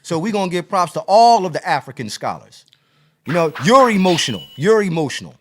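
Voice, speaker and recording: A man co-hosting a casual live-stream chat, animated and teasing, repeating himself for emphasis. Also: high voice, fairly quick. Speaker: co-host.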